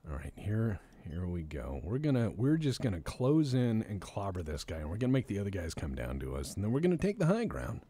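A man streams a game, chatting to himself and cracking jokes in loose, casual commentary. His voice is husky, and his pitch swings widely, from mumbles to sudden highs. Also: very animated, brisk, hardly any pauses, mellow. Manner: joking, rambling, talks to himself.

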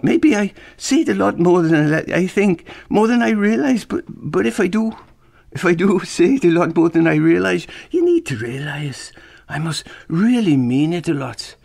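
A man from Yorkshire hosting his own show, talking in a deliberately phony Irish accent, theatrical and fond of wordplay, often repeating words. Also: fairly high pitch, vocal fry, darkish tone, breathy edge. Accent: phony Irish put on over Yorkshire. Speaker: podcast host. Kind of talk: rambling scripted monologue.

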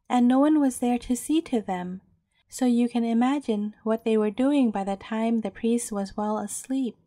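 Female storyteller, gentle and measured, warm mellow read for bedtime tales. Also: fairly high pitch, no room sound, studio quality.

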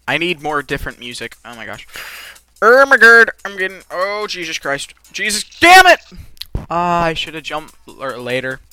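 A let's play gamer giving live commentary who rages and swears, with sudden yells between low muttering. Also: lively intonation, moderate pace, no echo. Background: faint game music.

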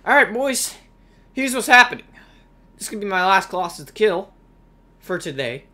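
A man with a fairly high-pitched, sharp, slightly rough voice plays through a game, giving casual, playful commentary. He swears, jokes, and talks to the creatures on screen while game music plays behind him.

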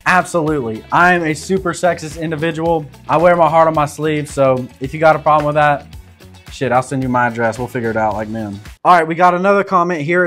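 A man's voice: fairly high pitch, a bit bright. A young man with a Southern accent reading viewer comments aloud, brash and crude with a joking bravado. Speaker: show guest reading comments.

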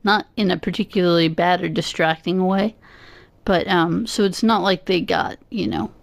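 A woman's voice: lowish voice, normal speed, creaky, no room sound. Thoughtful woman chatting in a dry room. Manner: thoughtful, hesitant, many fillers. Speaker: podcast guest co-host. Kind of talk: casual podcast chat.

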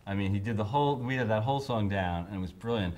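Middle-aged male interviewee; animated raconteur who mimics others. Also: lowish voice, fast. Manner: animated storyteller, acts out quotes in raised voices, laughs often. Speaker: songwriter interviewee. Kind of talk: anecdotal interview storytelling.

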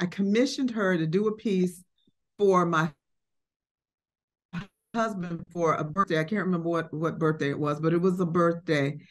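A middle-aged woman, an art collector, telling a reflective story in conversation, with fillers and acted quotes. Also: fairly low pitch.

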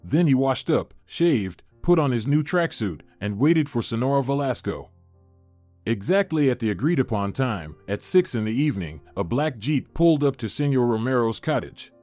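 Male storyteller, lively intonation, dry booth with faint music. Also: medium pitch, moderate pace, no room sound. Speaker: narrator. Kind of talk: scripted narration. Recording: dry studio voice-over with soft music.

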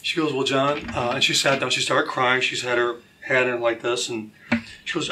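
A man sharing his personal testimony as a talk show guest, animated and acting out the voices of the people in his stories. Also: medium pitch, normal speed, a little hiss or hum. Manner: animated, acts out quoted voices. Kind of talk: storytelling testimony.

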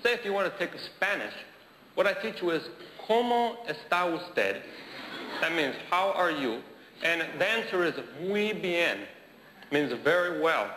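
A deadpan joker with a put-on Italian accent, played by a comedian in dry comic patter. His voice sits a little high. The clip rings with long hall reverb, carrying noise and bursts of audience laughter. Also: unhurried, full character voice. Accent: fake Italian. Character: deadpan Italian-accented man pitching a silly school.

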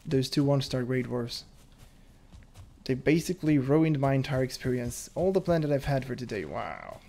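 A man's voice: mid-range voice, expressive, moderate pace, vocal fry, dark tone. Chatty nervous man narrating his gameplay. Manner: chatty, nervous laughs, thinks aloud. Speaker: gameplay commentator. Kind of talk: casual gameplay commentary.

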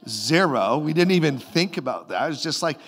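A Canadian man, a pastor, telling a dream and a vision in a sermon, with his voice swinging between loud bursts and quiet moments. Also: on the high side, normal speed, faint music behind. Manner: animated, retells a vision in a rising and falling voice. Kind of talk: sermon storytelling.

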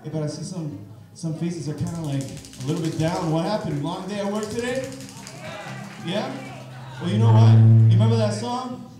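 A man from Canada works the audience from a live stage, upbeat and chatty as he coaxes people to join in. His speaking voice sits very high for a man. The sound is a booming, echoey hall with music playing underneath. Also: moderate pace. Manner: upbeat, chatty, coaxing the crowd.

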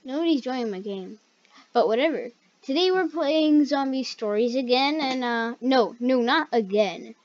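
A woman hosting a gaming video, chatting casually through the play, chatty and excitable and yelping when startled. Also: high voice, moderate pace. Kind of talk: casual gameplay commentary. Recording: dull lo-fi recording.

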